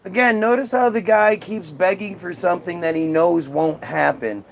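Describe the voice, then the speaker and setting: Sneering man with a gravelly voice. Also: high-pitched, moderate pace, few pauses. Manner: sarcastic, mocking, profane. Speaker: streamer. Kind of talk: heated live-stream rant.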